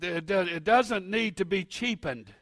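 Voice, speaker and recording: A man preaching a sermon as pastor, moving from quiet, halting asides to loud, rising exhortation. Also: high-pitched, dry recording.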